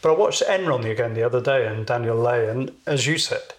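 A man in his fifties speaks at a middling pitch in a calm, reflective interview. He weighs his words and explains his views at an even pace. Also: fairly quick. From United Kingdom. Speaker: military officer guest. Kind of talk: casual interview talk.

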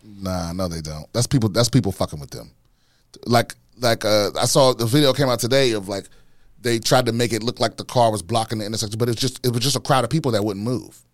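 A man's voice: lowish voice, quick pace, no room sound. Man, comedian podcast host, loose profane rant, dry close studio mic. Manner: profane, animated, repeats words when worked up.

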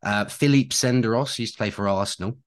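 Deep-voiced man, chatty podcast host. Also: fairly quick. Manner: chatty, self-deprecating, rambling asides. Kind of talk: casual chat.

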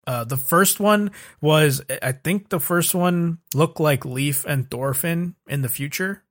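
A young man hosts a casual recap chat, his voice sitting a little above the usual male pitch. He talks loosely and swears freely, leaning on filler words as he goes. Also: slow pace, a bit bright. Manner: loose and profane, filler-heavy. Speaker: podcast host.

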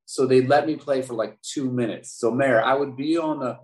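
A man in his forties from Baltimore, telling stories from his youth as a podcast guest, lively and prone to repeating words. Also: medium pitch, normal speed. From Baltimore, USA. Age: 40s. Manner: animated storyteller, repeats words. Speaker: podcast guest, former basketball player. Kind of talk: interview storytelling. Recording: roomy echo.

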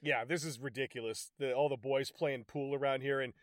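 A man's voice: medium pitch, brisk, no echo. Man with a dry, close sound. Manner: animated, profane, acts out scenes with laughter. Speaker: podcast co-host reviewing a movie. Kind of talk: casual chat.

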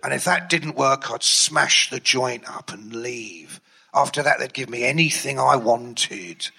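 A man's voice: mid-range voice, measured pace, vocal fry, pushed and bright, slightly rough, exaggerated voice. A man putting on a menacing old gangster manager. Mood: boastful. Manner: threatening boasts, swears freely.

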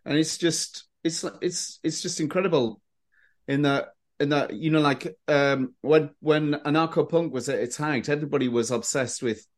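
Animated man telling stories. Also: on the high side, moderate pace. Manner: animated storyteller with frequent restarts. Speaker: podcast guest. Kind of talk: casual anecdotal chat.

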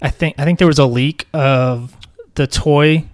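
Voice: mid-range voice, fairly even intonation, a little slow, dry recording. A podcast co-host chatting casually, with a dry, teasing sense of humor. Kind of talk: casual chat.

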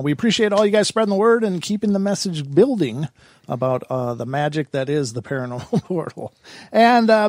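An energetic man hosts his show with big announcer enthusiasm, leaning on a few filler words. His voice sits fairly high for a man. It is recorded close and dry. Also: no room sound. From United States. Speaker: podcast host.

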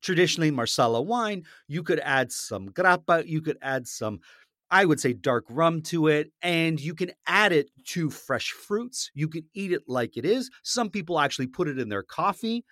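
A man co-hosting a casual food podcast, talking in an animated, blunt way and swearing casually. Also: on the high side, moderate pace, dry recording, clean studio sound. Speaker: podcast co-host.

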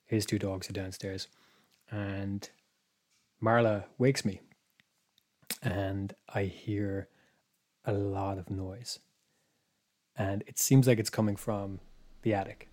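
A man's voice: lowish voice, flat delivery, slow pace, pauses often, a little mellow. A man, a podcast co-host telling a story in casual chat, meandering and hesitant, dropping to a whisper for his own thoughts.

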